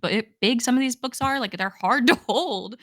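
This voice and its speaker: Young female podcast co-host, bright and chatty, dry recording. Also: a little high, moderate pace, dry recording. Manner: chatty, enthusiastic, many "like"s. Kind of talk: casual chat.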